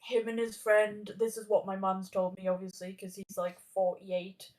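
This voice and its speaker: A woman's voice: mid-range voice, level tone, normal speed, a little mellow, recorded from a distance, poor audio. A woman in her thirties telling a long story in casual chat, rambling with lots of fillers and restarts. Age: 30s. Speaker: podcast guest.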